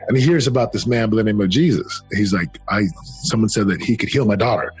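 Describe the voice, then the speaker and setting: A middle-aged man telling his life story in an interview, earnest and emphatic, slowing down on key phrases. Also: lowish voice, husky, faint music behind. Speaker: interview guest, former football player and speaker.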